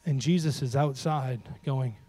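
A man preaching a sermon, animated and humorous, talking straight to his audience and dropping to a hush for emphasis. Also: mid-range voice, a little slow, no echo. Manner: animated, swings from loud to hushed for emphasis; humorous, talks to the audience directly. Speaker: pastor.

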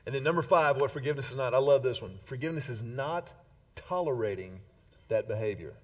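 A man's voice: mid-range voice, animated, fairly quick, muffled recording. A man preaching a sermon with punchy, emphatic repetition of key points.

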